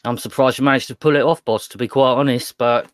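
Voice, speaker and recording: A man speaking in character during a tabletop role-play, laid-back and a little hesitant, with a wry edge. His voice is mid-pitched and the sound is dry, with no room echo. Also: steady tone, quick pace. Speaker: player.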